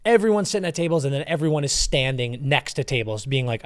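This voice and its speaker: A young man co-hosting a podcast, telling a story in an animated, casual way and swearing freely. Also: on the high side, fast talker, hardly any pauses. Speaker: podcast co-host. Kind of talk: casual chat.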